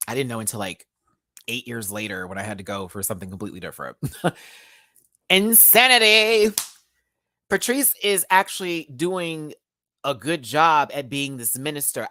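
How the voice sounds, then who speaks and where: A woman's voice: low-pitched, very animated, moderate pace, sharp tone, dry recording, studio quality. A woman from the States, chatting and laughing often as she reviews a TV episode live from a home setup with a ring light. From Southern United States. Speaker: TV show reviewer.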